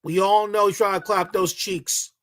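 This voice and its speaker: High-voiced bright man ranting mockingly. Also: steady tone, normal speed. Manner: mocking, repetitive, heated delivery. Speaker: commentary channel host. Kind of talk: ranting reaction commentary.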